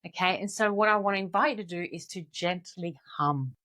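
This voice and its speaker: A woman in her forties, a confidence coach, calmly and encouragingly guiding listeners step by step through an exercise. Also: on the low side, brisk. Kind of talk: guided exercise instruction.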